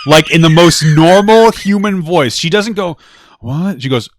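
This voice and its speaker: Animated, profane young man telling stories. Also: a little high, moderate pace, slight background noise. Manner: loose, profane, storytelling with bursts of laughter. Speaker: podcast co-host. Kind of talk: casual couple chat.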